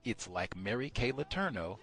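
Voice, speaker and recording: A man's voice: lowish voice, big pitch swings, moderate pace, fairly bright tone. A man hosting a radio study session, talking emphatically and asking pointed rhetorical questions. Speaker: radio show host.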